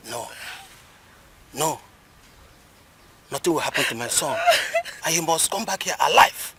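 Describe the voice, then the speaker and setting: A man's voice: on the high side, animated, a little slow, slightly rough, heavily acted. An actor playing an aging father, firmly insisting his son will come home safe. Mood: defiant. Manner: firm, reassuring. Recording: loud background noise.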